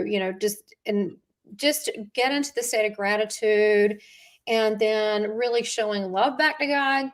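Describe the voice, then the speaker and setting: A chatty woman talking in a relaxed conversational way, voice in an ordinary middle pitch. She often restarts her sentences and fills the gaps with "uh" and "you know" as she tells her stories. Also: a little slow. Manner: chatty storyteller with frequent fillers and restarts. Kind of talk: casual conversation.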